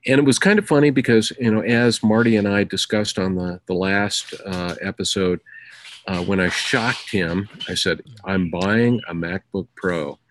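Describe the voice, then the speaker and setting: Low-voiced American man telling stories. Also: moderate pace, a little hiss or hum, rough recording. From United States. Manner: rambling, filler-heavy storytelling. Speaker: co-host. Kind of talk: casual chat.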